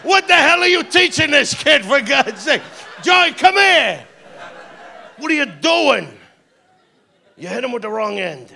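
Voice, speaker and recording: A comedian plays a loud, brash old uncle with a Boston accent, barking orders and teasing. The voice rides high and bright with a gravelly edge. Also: male voice, sing-song, slow pace, long pauses, a faint crowd, a little hiss or hum, full character voice. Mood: shouting. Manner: shouting, gruff, bossy.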